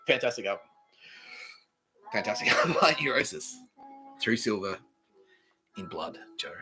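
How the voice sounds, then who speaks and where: A man's voice: fairly low pitch, very animated, moderate pace, music in the background, low-quality recording. An Australian man hosting a podcast, talking alone in a rambling, profane, repetitive way. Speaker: podcast host. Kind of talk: rambling solo monologue.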